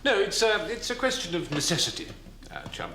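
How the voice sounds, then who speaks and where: An actor playing a sardonic officer posing as a camp commandant, dry and arch in a TV drama. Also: male voice, high-pitched, wildly swooping pitch, fairly quick, sharp tone, full character voice. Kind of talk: 1990s TV drama acting. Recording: echoey room, faint noise.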